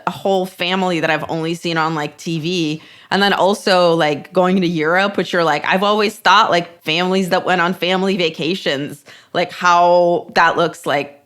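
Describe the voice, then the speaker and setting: A woman's voice: on the low side, fairly bright tone. A woman co-hosting a podcast, speaking earnestly and reflectively in casual chat. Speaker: podcast co-host.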